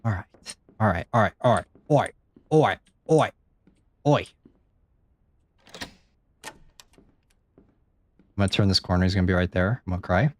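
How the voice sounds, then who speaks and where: A man's voice: low-pitched, lively intonation, normal speed, pauses often. Jumpy, swearing male game streamer. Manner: jumpy, swears often, chats to viewers. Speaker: streamer playing a horror game. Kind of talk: live gameplay commentary.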